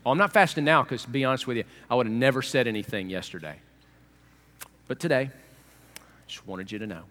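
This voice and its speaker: A preacher voicing a smug, pious man who brags about his fast in a self-satisfied drawl. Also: medium pitch, expressive, sharp tone, long reverb tail, pitched below the performer's own voice.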